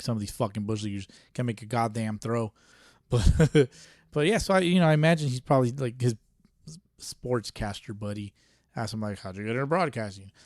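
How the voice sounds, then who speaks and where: A man's voice: medium pitch, a little mellow, no room sound, studio quality. A man hosting a solo podcast in a casual, rambling rant, profane and laughing often, a little tipsy. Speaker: podcast host.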